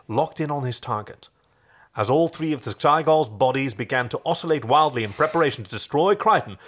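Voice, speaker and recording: A man co-hosting a casual podcast, chatting and reading fan fiction aloud in an expressive way. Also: fairly high pitch. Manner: animated, expressive, jumps into voices. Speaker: podcast co-host.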